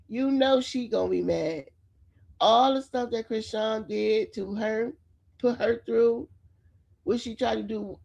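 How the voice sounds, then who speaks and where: A woman commentary vlogger chats with her audience about celebrities, sharing her opinions freely. Her medium-pitched voice is darkish and carries vocal fry.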